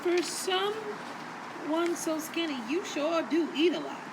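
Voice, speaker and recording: A woman's voice: very high voice, lively intonation, slow pace, heavily acted. A woman voicing a sassy, impatient fellow cane master who teases bluntly in a comedy sketch. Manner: teasing, blunt. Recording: loud background noise.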